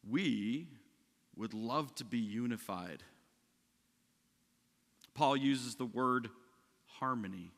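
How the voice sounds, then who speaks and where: A pastor delivers a sermon in a bright, forceful voice. He talks conversationally, checking in with his listeners and restarting sentences as he goes. His voice rings out in a reverberant church hall. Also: medium pitch, slow, creaky, long pauses. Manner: conversational preaching with frequent "right?" and restarts. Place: church sanctuary.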